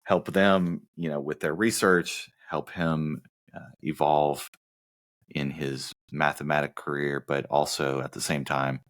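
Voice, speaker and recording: Very deep-voiced man co-hosting a podcast. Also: flat delivery, a little slow, a bit bright. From Southern United States. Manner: teasing, rambling plot summaries. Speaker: podcast co-host. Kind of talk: casual movie-review chat.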